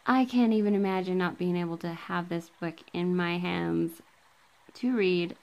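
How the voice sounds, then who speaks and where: A woman's voice: lowish voice, steady tone, a little slow, vocal fry, darkish tone, low-quality recording. A woman vlogger reading passages of a book aloud to her viewers, marking each quote and end quote, with casual asides and frequent ums, recorded on a camera she holds herself. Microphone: handheld camera.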